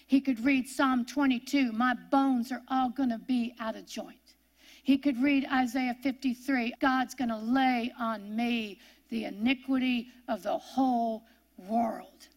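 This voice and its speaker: Slow, deliberate woman Bible teacher. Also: fairly high pitch. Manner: slow, deliberate, reading scripture phrase by phrase. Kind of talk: sermon.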